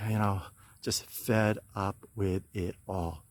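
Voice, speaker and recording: Slow-talking man ranting in a vlog. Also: on the low side, fairly even intonation, no room sound. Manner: rambling, frustrated ranting with apologies. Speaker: channel host. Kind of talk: casual vlog to camera. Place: outdoors by his garden hedges.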